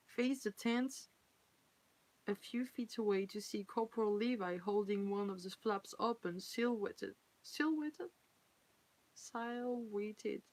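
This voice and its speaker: A woman with a French accent reads fan fiction aloud on a live stream, at a middle pitch. She breaks off now and then to chat with viewers and laugh at her own slips. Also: fairly even intonation, a little slow, a little mellow, poor audio.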